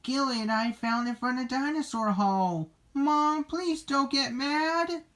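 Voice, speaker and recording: A reader voicing a curious, excitable young farm girl in a storybook reading, with an excited, exclaiming delivery. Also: mid-range voice, unhurried, a little hiss or hum, voice pushed up.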